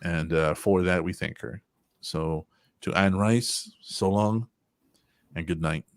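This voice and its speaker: A man's voice: sits low, slow, dry recording, clean studio sound. A man in his forties hosting a casual podcast chat, rambling and swearing often, with frequent laughs. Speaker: podcast host.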